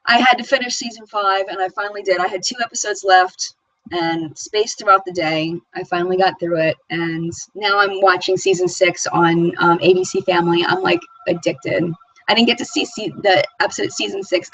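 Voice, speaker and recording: Chatty woman host, rambling and laughing easily, with a bright voice that sounds dry and close. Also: lowish voice, normal speed, no echo, rough recording. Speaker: beauty channel host. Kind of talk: live chat reading viewer comments.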